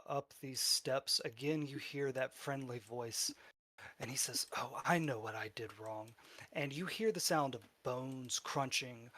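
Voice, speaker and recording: A man's voice: medium pitch, pushed and bright. A man narrating a tabletop game as game master, describing scenes loosely with fillers.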